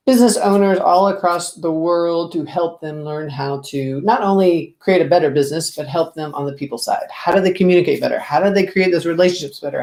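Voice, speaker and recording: A woman business coach talks to the camera in a lively, expressive way, asking the viewer direct questions. Her voice is on the low side, and the sound is roomy.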